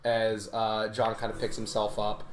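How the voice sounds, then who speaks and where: A woman narrating a tabletop game as game master, halting with many fillers. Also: very deep voice, monotone. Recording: echoey room with music behind.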